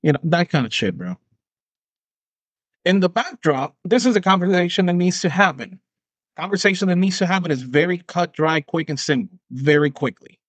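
A man's voice: sits high, expressive, normal speed, no echo. A man in his thirties hosting his own podcast, talking in a casual, profane, rambling way and often slipping into voices for imagined dialogues. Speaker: podcast host. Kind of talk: casual solo commentary.

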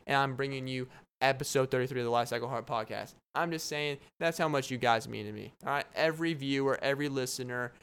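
Smooth-voiced young man rambling on a podcast. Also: mid-range voice, fast. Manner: rambling, animated storytelling with frequent laughs and fillers. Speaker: podcast host.

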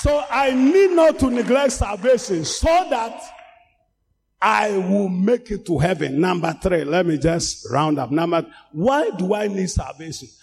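A male preacher with a Ghanaian accent delivering a sermon, a Twi speaker who swings from calm talk to loud shouted exhortation. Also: high voice, unhurried, slightly rough, some chatter behind. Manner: switches between English and Twi, rising to shouts.

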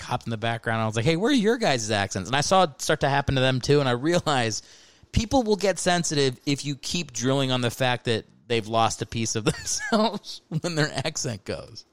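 A man's voice: mid-range voice, clear, resonant tone, no room sound. A man in his thirties hosting a podcast, talking in a rambling, jokey, casual way full of fillers. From American South and New Jersey. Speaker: podcast host. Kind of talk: casual comedic monologue.

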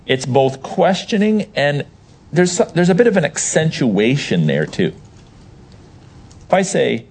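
A man's voice: a little high, unhurried. A man teaching a Bible class, explaining verses with emphasis and putting questions to his listeners. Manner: animated, emphatic, asks the audience questions.

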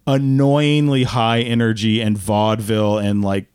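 A man co-hosting a podcast, chatting casually about a movie in a rambling, tangential, animated way. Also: fairly low pitch, measured pace, clear, resonant tone, dry recording, clean studio sound. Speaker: podcast co-host.

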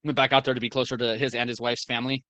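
A man's voice: medium pitch, level tone, racing, bright, forceful tone, no room sound. Man rambling through a story, dry close sound. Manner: rambling storyteller, many fillers and restarts, casual swearing. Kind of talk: casual chat.

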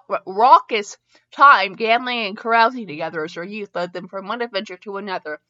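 A woman's voice: mid-range voice, bright, forceful tone. A middle-aged woman reading a story aloud, stumbling and restarting often on words, with a dull lo-fi sound. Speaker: fanfiction reader and podcast host.

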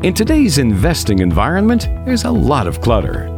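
Lively announcer man over music. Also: mid-range voice, moderate pace, vocal fry. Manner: polished announcer delivery. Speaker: show announcer. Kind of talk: scripted radio intro. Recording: music bed under voice.

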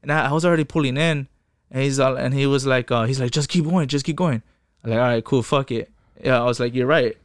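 Young dude rattling off a wild story fast, cussing a lot, smooth clear voice, dry mic. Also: male voice, mid-range voice, no room sound. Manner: profane, quotes people in voices, rambling restarts. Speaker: guest telling his story. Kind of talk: casual storytelling.

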